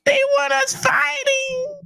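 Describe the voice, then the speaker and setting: Man doing a whiny young guy, high crying voice, mocking, put-on sob. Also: monotone, slow pace, gravelly, very noisy, heavily acted. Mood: mocking whine.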